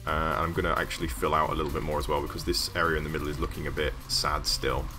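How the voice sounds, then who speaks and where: Working on a landscape during a live stream, this man from Yorkshire in northern England chats in a rambling, self-amused way with lots of fillers and little laughs. He has a rumbling low voice, keeps a level tone, and talks fast over music.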